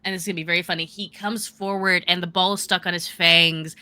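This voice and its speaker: A woman's voice: on the low side, fairly even intonation, fast talker, pushed and bright, clear, resonant tone, no room sound. A woman narrating and explaining rules as game master, casual and chatty with many fillers.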